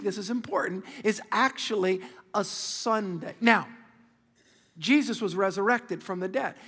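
A man preaching a sermon as pastor, animated and conversational, calling out to the congregation for responses. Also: high voice, big-room sound. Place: large church auditorium.

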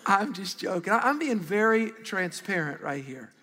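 A man in middle age preaching a sermon in a high, bright, ringing voice. He talks with the congregation in a lively, conversational way and has them call back answers. The sound carries a long reverb from a large church hall. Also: moderate pace, slight background noise. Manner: animated, conversational preaching with audience call-and-response. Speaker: pastor.

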